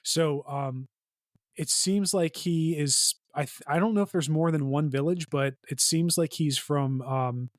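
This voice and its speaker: A man's voice: on the high side, unhurried, no room sound, studio quality. A man co-hosting a podcast in casual chat, rambling with lots of fillers. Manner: rambling, heavy "like" and "you know" fillers. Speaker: podcast co-host.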